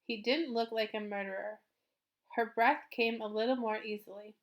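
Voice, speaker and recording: A woman reading a children's novel aloud for a lesson, telling the story steadily and at an even pace. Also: fairly high pitch, moderate pace. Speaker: storybook reader.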